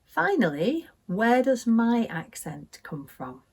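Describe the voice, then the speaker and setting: A woman from Derbyshire with a northern English accent, teaching English in a clear, careful way and showing how words are pronounced. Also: on the high side, sing-song, a little mellow. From Derbyshire, northern England. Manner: careful, deliberate, demonstrates pronunciations. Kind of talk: slow, clear teaching explanation.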